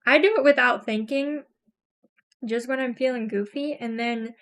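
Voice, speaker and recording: A woman's voice: on the high side, moderate pace, fairly bright tone. A young woman streamer chatting casually while crafting, rambling with lots of fillers and frequent giggles.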